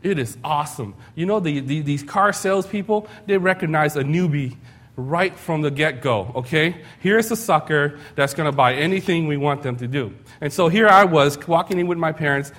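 Slightly high-voiced man preaching. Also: expressive, moderate pace, a bit bright. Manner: conversational storytelling with rhetorical questions; self-deprecating humor. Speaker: pastor. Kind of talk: sermon.

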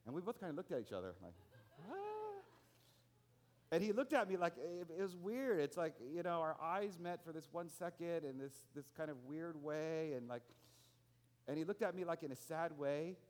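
A man with a somewhat high-pitched voice delivers a sermon in a loose, conversational style. He leans on rhetorical questions and a frequent "right?" to pull listeners in. He tells personal stories with small restarts and builds emphasis as he goes. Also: expressive, brisk, darkish tone. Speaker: pastor.

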